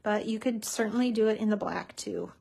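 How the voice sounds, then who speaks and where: A woman's voice: medium pitch, brisk, gravelly, a little mellow, breathy edge. A woman hosting a live crafting tutorial, chatty and bubbly, with many fillers.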